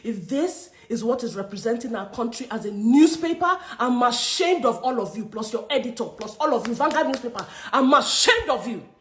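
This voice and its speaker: A Nigerian actress in an angry social media rant, scolding and repeating herself for emphasis. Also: female voice, fairly high pitch, animated, moderate pace, few pauses, fairly bright tone, reverberant. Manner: indignant, scolding, emphatic repetition. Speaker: actress speaking to her followers.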